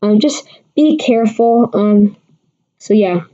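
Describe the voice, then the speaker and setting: Woman, casual livestream weather talk, rambling and restarting, dark mellow tone, muffled lo-fi sound. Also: mid-range voice, slow pace. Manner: rambling, many restarts, answers chat viewers. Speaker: amateur weather forecaster host. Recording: dull lo-fi stream audio.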